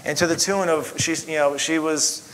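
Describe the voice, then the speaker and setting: Middle-aged man, fairly high voice, casual rambling testimony, filler-heavy. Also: fairly even intonation, moderate pace, fairly bright tone, a little hiss or hum, poor audio. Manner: rambling, lots of "you know" fillers. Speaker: chiropractor sharing testimony.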